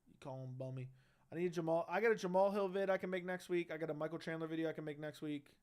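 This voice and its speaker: A man's voice: a little high, fast talker, darkish tone, smooth. A brash young man hosting a casual livestream, reading chat and bantering loosely with slang and swearing into a studio mic. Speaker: livestream host. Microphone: studio dynamic mic.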